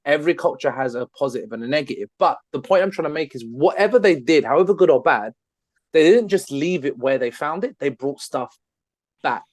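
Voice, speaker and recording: A man's voice: on the high side, lively intonation, fairly quick, dry recording. A man co-hosting a podcast, talking earnestly and at length in casual chat. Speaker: podcast co-host, trained therapist.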